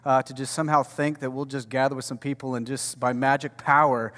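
A man preaching a conversational sermon as pastor, swinging from loud to hushed and repeating words as he goes. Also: mid-range voice, flat delivery, fairly quick. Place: warehouse church hall. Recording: long reverb of a large hall.

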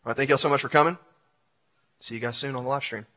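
A man's voice: mid-range voice, fairly even intonation, fast, pushed and bright. A male community pastor, teaching in a casual, filler-heavy way and then leading prayer.

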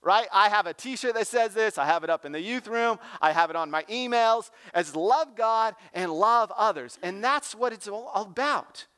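Youth pastor guy, high voice, super casual and jokey, lots of "like" and "right?". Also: expressive, normal speed, few pauses, pushed and bright, clean tone. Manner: informal and joking, with lots of "like" and "right?". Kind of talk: casual sermon talk.

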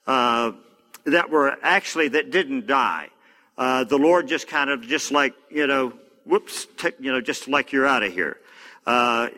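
A man's voice: fairly high pitch, sharp tone. A man preaching a sermon, reading scripture aloud with frequent fillers and casual asides. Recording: long hall reverb.

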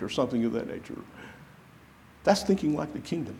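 Man preaching a lively sermon. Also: mid-range voice, quick pace, vocal fry, long pauses, a little hiss or hum. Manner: animated preaching, acting out quoted voices. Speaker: pastor.

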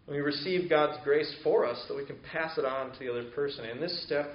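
A man's voice: on the high side, quick pace. A man preaching a sermon in an earnest, conversational way, working through long spoken lists. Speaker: pastor. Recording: echoey, slightly dull room recording.

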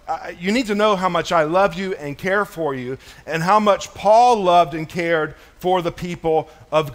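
High-voiced man preaching casually, with many fillers. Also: a bit bright. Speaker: pastor. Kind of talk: sermon. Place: church.

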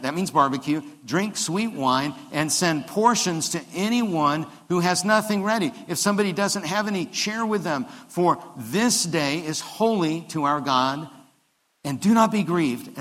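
A man, the pastor, preaching a conversational sermon that builds to emphatic high points, with frequent restarts. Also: fairly bright tone. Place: church sanctuary. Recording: long hall reverb of a church.

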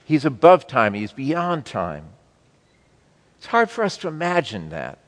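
A man preaching a sermon to his congregation, slow and emphatic, with wide swings between loud and soft. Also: medium pitch, huge pitch swings, in a large hall. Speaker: pastor.

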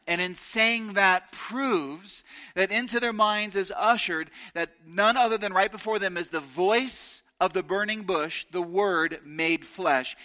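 A man preaching a sermon, earnest and slowing down to stress key phrases. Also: high voice, pushed and bright, highs cut off. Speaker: pastor.

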